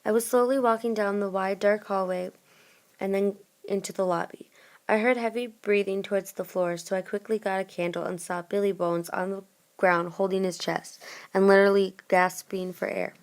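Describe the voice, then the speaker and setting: Woman narrator, casual first-person retelling, mid pitch. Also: fairly even intonation, moderate pace. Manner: casual, plain reading. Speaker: storyteller.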